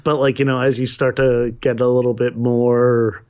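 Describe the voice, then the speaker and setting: A man's voice: medium pitch, flat delivery, normal speed, darkish tone, smooth, lo-fi sound. A man co-hosting a casual podcast chat who rambles, restarts his sentences often and swears freely. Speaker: podcast co-host.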